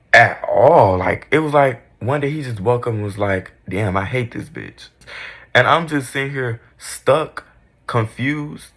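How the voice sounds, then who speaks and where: Husky young man telling a storytime. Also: on the low side, fairly bright tone. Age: young adult. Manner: candid, profane and dramatic. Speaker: vlogger. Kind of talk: casual storytime.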